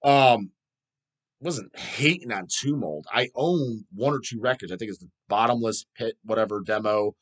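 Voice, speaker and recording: A man's voice: on the low side, moderate pace. A middle-aged man hosting a metal channel, ranting profanely and answering viewer questions. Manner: profane, animated, mocks people in put-on voices.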